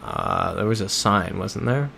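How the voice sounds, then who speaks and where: A man hosting a casual livestream who reads viewer comments aloud and reacts to them in a laid-back way, with soft chuckles. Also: lowish voice, a little slow, creaky, slight background noise. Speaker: livestream host. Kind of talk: casual livestream chat while playing a geography game.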